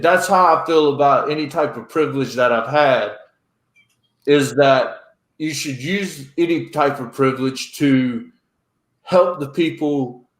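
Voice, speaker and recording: A man hosting a casual chat, talking in an earnest, plain-spoken way. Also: medium pitch. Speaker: podcast host. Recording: roomy echo.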